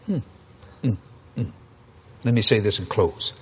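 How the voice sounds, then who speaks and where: A man's voice: fairly low pitch, expressive, unhurried, fairly bright tone, husky. A man preaching a sermon, telling folksy stories in an emphatic way.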